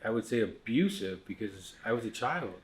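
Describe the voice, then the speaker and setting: In a casual podcast conversation, a middle-aged man from the United States candidly recounts his life story with many fillers, restarts, and quiet asides. He has a lowish, animated voice and speaks at a moderate pace.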